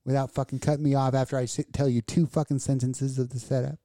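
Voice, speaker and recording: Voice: medium pitch, little pitch movement, fast, dark tone. Blunt, profane radio host ranting. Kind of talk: casual chat.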